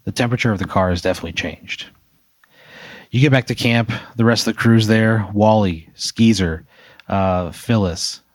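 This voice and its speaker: A man's voice: on the low side, moderate pace, no room sound. A man hosting, narrating an improvised hypothetical scenario in second person, loose and rambling with fillers. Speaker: host.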